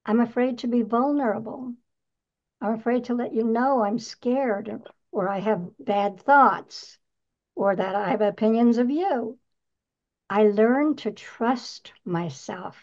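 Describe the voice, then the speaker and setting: A woman's voice: fairly high pitch, muffled recording. A woman in her nineties giving an earnest, upbeat motivational talk on her podcast, asking the listener rhetorical questions. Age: 90s. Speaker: podcast host.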